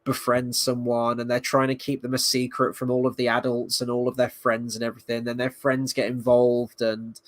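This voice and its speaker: A man's voice: mid-range voice, monotone, moderate pace, few pauses, dry recording, clean studio sound. A man giving a casual spoken review of a TV episode, rambling and sarcastic, swearing now and then. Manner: rambling, sarcastic, swears, mocks scenes in quoted voices. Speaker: video reviewer.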